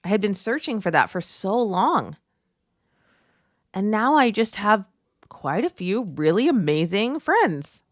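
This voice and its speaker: A woman in her thirties hosting a devotional show, talking casually and telling family stories with lively retellings. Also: medium pitch, measured pace, dry recording, studio quality. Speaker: podcast host.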